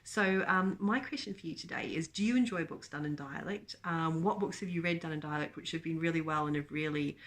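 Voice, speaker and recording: Chatty New woman, lowish voice. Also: brisk, few pauses, a bit bright. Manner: chatty, rambling, laughs often, many ums. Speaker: book vlogger. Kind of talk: casual book chat to camera.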